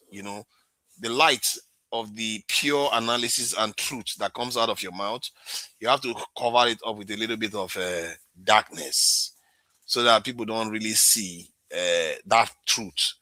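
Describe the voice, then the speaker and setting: A man's voice: on the low side, sharp tone, dry recording. A Nigerian man hosting a live-stream political commentary, ranting with sarcasm and talking back to commenters. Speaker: host.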